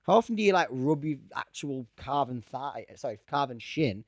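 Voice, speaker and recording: A man's voice: medium pitch, expressive, normal speed, no echo. Rambling, jokey man on a podcast. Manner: rambling, jokey, self-mocking. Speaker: podcast co-host. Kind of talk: casual podcast banter.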